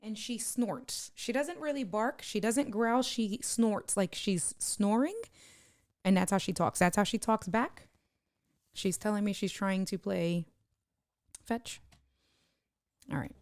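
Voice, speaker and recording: A woman live streamer giving a casual tutorial on streaming software, chatting as she clicks and greeting viewers by name. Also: mid-range voice, slow, pauses often, dry recording, clean studio sound.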